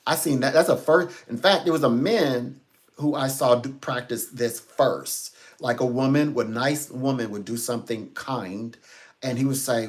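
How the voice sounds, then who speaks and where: A man's voice: medium pitch, moderate pace. A man giving a rambling live-stream talk as a psychic reader, chatty, laughing often and quoting people in little voices.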